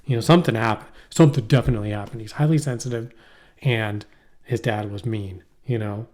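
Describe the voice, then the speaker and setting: A man co-hosting a podcast, rambling and animated in casual chat. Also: fairly low pitch, fairly quick. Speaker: podcast co-host.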